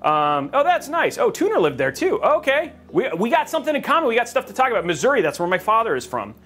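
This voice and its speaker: A man's voice: very high-pitched, huge pitch swings, fast talker, a bit bright, faint music behind. A man from California hosting a PC-building livestream, rambling and joking as he reads out chat. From California, USA.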